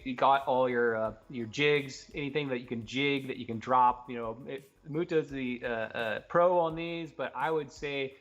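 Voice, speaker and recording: A man co-hosting a fishing talk show, explaining gear and rigs in a fast, excited, casual way and laughing often. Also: medium pitch, muffled recording. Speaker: co-host giving fishing tips.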